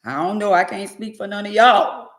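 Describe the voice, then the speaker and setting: A woman, ranting bluntly and sassily to her livestream viewers and swinging between loud and quiet. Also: mid-range voice, normal speed. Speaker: livestream host. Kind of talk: casual livestream rant to viewers.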